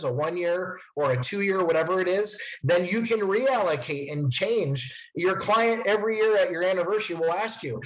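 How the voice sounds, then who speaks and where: A man giving an upbeat sales presentation of a financial product to insurance agents, with quick asides. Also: sits high, highs cut off.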